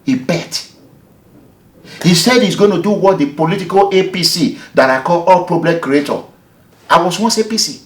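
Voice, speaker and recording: A man's voice: sits high, moderate pace. A Nigerian man from Edo State, an activist, giving an interview and telling a story with emphasis, acting out both sides of the conversations he recounts. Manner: animated, emphatic, acts out the dialogue. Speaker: activist, movement leader. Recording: echoey room.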